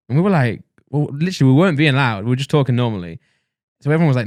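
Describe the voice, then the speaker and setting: A young man chats fast on a podcast. He tells stories as animated mock rants, and his voice sits right on a dry, close mic. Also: medium pitch, no echo. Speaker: podcast co-host. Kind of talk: casual chat.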